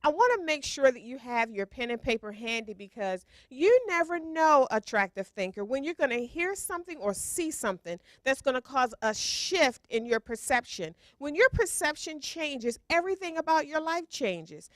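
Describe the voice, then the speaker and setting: A woman's voice: high voice, big pitch swings, normal speed, hardly any pauses, no echo. A woman giving an upbeat motivational talk on stage as a business coach, asking rhetorical questions. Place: event stage.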